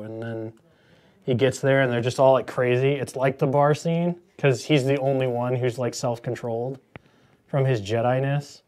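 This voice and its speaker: Host type: man in his thirties, mellow tone, jokey rambling painter chat. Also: mid-range voice, steady tone, normal speed. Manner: joking, rambling into movie tangents. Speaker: miniature painter hosting a painting stream. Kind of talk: casual painting demo chat.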